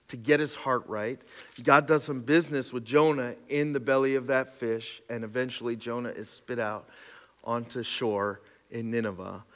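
A man preaching a sermon as pastor, animated and storytelling, moving between loud exclaiming and quiet reflection. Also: medium pitch. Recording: reverberant hall.

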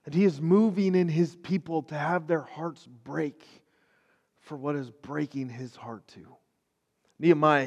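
A man preaching an online sermon in a conversational, earnest way, swinging between hushed, quiet passages and fervent, rising ones. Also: on the high side, muffled recording. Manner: conversational, with many fillers. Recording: long reverb.

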